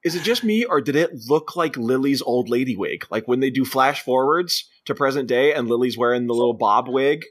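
A man co-hosting a casual movie review podcast, retelling scenes with quick put-on voices and frequent laughter. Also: mid-range voice, animated. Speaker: podcast co-host.

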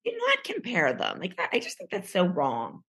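A woman's voice: fairly low pitch, huge pitch swings, normal speed, a bit bright, slightly rough. A woman in her forties co-hosting a casual chat, talking bluntly and swearing as she reacts. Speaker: podcast co-host, former cast member.

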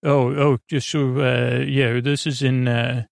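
A man with a gravelly, creaky voice meanders through a sleepy recap, stopping and restarting and filling gaps with uhs. His sound is close and dry, with no room around it. He retells the dialogue casually in his own voice. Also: mid-range voice, little pitch movement, no room sound. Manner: meandering, halting, many fillers and self-corrections. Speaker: sleep podcast host. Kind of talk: rambling episode recap for sleep.

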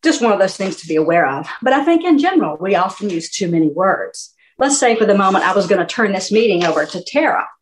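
A woman's voice: mid-range voice, quick pace, few pauses, poor audio. A woman giving a conversational talk on speaking skills, acting out little examples. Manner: conversational, animated, with little demonstrations. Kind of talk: workshop talk.

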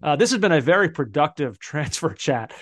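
A man with a somewhat high voice co-hosts a casual sports chat. His humor is dry and deadpan, and he teases his co-host. The sound is close and dry. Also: a little fast, dry recording. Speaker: podcast co-host.

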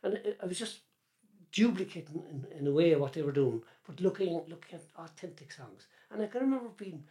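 With a fairly high pitch and warm tone, this older Cork man speaks briskly and with lively intonation. A folk singer and columnist with a Cork Irish accent, he rambles through a casual interview chat, frequently restarting what he's saying.

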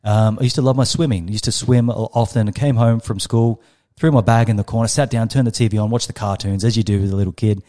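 Australian man in his 30s, guest storyteller; low, mellow voice, emphatic delivery. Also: steady tone, fast talker. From Western Australia. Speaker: guest, startup coach. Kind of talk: storytelling in a podcast interview.

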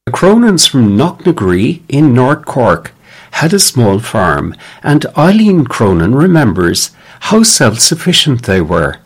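A man narrating a documentary in a measured, scripted way, introducing each speaker. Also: medium pitch, huge pitch swings, husky.

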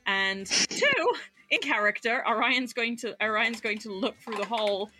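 Woman player, bright and high, animated, swears freely. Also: moderate pace, no room sound, faint music behind. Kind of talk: tabletop role-play chat.

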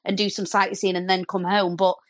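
A woman hosts a podcast in casual chat, chatty and quick with follow-up questions. Her voice sits at a middle pitch and sounds close and dry. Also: flat delivery, no echo. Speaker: podcast host.

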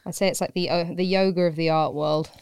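A woman's voice: low-pitched, fairly even intonation, fast talker, a little mellow, clear, resonant tone, no echo, studio quality. A woman who teaches pottery, chatting casually as a podcast guest in a rambling, self-deprecating way with frequent laughs.

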